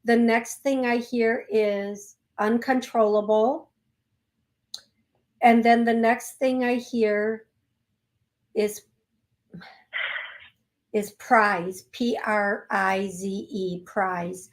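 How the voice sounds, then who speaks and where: A woman hosting a call-in show, giving a psychic reading in a gentle, chatty way and spelling words out letter by letter. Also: a little high, steady tone, very slow, pauses often. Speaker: psychic medium host.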